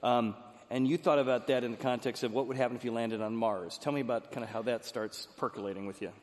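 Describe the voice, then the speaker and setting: Male interviewer, steady explainer, mid pitch, reverberant space. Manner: measured, explains arguments in detail. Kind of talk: interview questions and summaries. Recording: long hall reverb.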